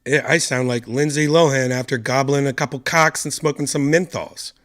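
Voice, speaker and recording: A man hosting his own online show, hoarse from a lost voice and talking quietly and softly to spare it. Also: medium pitch, fairly even intonation, normal speed. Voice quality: gravelly. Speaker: podcast host. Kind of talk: casual solo stream chat.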